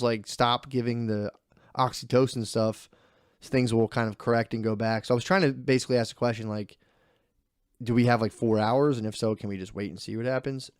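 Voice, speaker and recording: A man's voice: mid-range voice, a little mellow, smooth, dry recording, clean studio sound. A young man co-hosting a podcast, telling a story in a loose, rambling way, swearing and laughing often. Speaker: podcast co-host. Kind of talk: casual chat.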